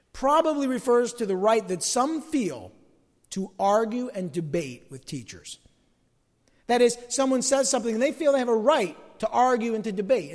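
His sermon echoes with the lengthy reverb of a big hall as this very high-voiced male pastor preaches with energy, dramatizing quoted arguments and lowering to hushed side remarks. He is from the Northeast US, from an Italian-American home.

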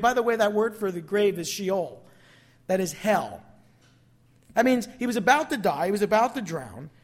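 This is an animated pastor in the middle of a sermon, explaining a passage to the congregation. The delivery is lively and it swings between quiet asides and dramatic quoted lines. The preacher often doubles up on words while pushing a point home. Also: mid-range voice, moderate pace.

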